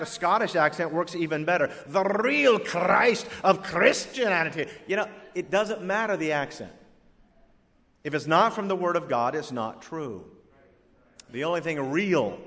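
Guy pastor preaching, fairly high voice, big swings loud to soft, lots of hall echo. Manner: emphatic preaching that swings between loud punches and hushed, drawn-out words. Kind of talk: sermon.

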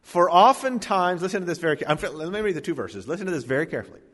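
A man preaching a sermon as pastor, emphatic, with sudden drops and surges in loudness. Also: high-pitched, animated, very fast, in a large hall.

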